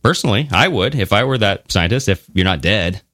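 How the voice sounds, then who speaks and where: A man's voice: fairly low pitch, expressive, brisk, sharp tone, dry recording, studio quality. A man co-hosting a podcast, talking casually and animatedly, swearing now and then and mocking others in funny voices. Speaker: podcast co-host. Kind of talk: casual conversational podcast talk.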